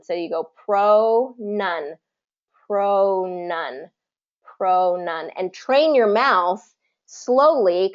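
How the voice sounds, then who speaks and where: A woman teaching English pronunciation in a live session, patiently explaining and slowly drawing out example words. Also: medium pitch, lo-fi sound.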